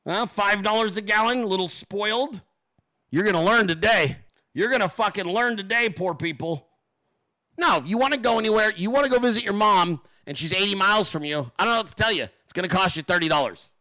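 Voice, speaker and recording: Guy ranting on his stream, high bright voice, swears a lot, keeps asking the viewers snarky questions. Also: expressive, fast. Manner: profane, sarcastic, mocking rant; asks the audience rhetorical questions. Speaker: political commentator, show host. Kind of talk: livestream political commentary.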